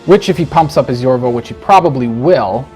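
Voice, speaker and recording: A man giving casual, animated commentary on his own card game, talking to himself and joking through his frustration. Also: medium pitch, brisk, soft background music. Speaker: game streamer. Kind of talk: gameplay commentary.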